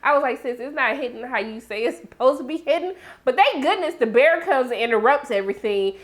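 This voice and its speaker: A woman giving a sassy, animated TV episode recap, yelling in bursts and acting out characters' lines, with a sore throat. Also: high-pitched, fairly quick. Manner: sassy, loud outbursts, acts out characters. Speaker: TV recap reviewer.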